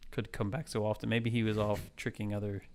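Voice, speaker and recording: A man's voice: lowish voice, little pitch movement, a little fast. Rambling, enthusiastic man. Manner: enthusiastic, rambling, trails off and restarts. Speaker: podcast co-host. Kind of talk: casual chat.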